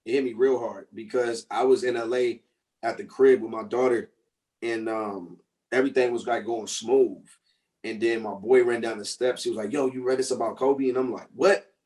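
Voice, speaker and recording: A man's voice: medium pitch, normal speed. Male rapper guest, 30s, loose storyteller, distant pickup. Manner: animated storyteller, acts out quotes. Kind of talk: casual radio interview chat. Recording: distant from the mic.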